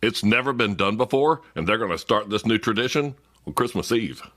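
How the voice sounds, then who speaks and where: A man narrating an explainer video in a steady, informative way, with wry sarcastic asides. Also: lowish voice, fairly quick.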